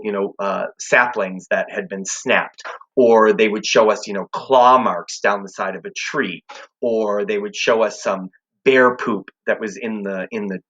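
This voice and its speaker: A man's voice: on the low side, a bit bright, lo-fi sound. A man teaching a class, telling a suspenseful personal story in a conversational way.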